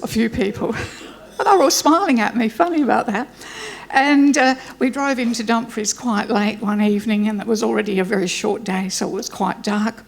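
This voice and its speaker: A woman's voice: a little high, normal speed, creaky, a little hiss or hum. A woman gives a chatty, self-deprecating welcome speech before introducing a guest lecturer. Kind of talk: informal anecdotal welcome speech.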